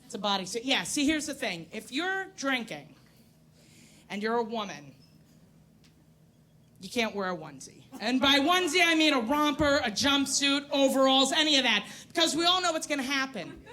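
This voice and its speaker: A woman's voice: high voice, very animated, moderate pace, pushed and bright. A woman in her forties doing a brash, profane stand-up comedy set on a comedy club stage, teasing the crowd. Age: 40s.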